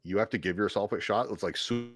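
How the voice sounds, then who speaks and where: A man's voice: lowish voice, fast. A man talking as a podcast guest, telling stories in a rambling, self-deprecating way with frequent restarts. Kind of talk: casual interview storytelling.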